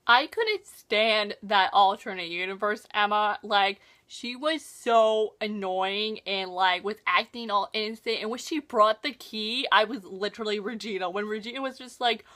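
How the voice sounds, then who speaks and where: A young woman vlogger recapping a TV episode in casual chat, gushing and excitable, with lots of "like" fillers. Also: medium pitch, moderate pace, few pauses.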